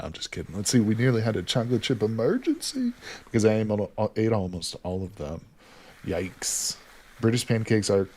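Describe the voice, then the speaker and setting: A man chatting casually with his viewers while he plays a game. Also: lowish voice. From United States. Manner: chatty, talks to viewers as "people". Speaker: streamer. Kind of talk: casual gameplay commentary with chat.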